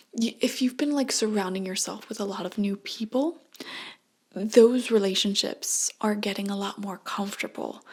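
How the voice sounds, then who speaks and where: A woman giving a casual tarot reading at home late at night, talking in a hushed voice that often drops to a whisper, chatty and prone to tangents. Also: on the high side, slightly rough. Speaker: tarot reader.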